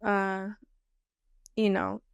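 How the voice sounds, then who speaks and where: A woman's voice: mid-range voice, little pitch movement, extremely slow, creaky, clear, resonant tone, dry recording, studio quality. A woman co-hosting a podcast, chatting casually in a laid-back, drawling way. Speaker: podcast co-host.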